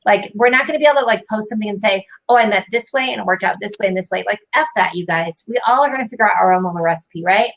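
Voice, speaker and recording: A bubbly, affectionate woman hosts a casual livestream from her home office, tossing out quick asides. Her voice sits mid-height, and the audio has the dull, lo-fi sound of a computer mic on a video call. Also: mid-range voice, creaky. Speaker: host.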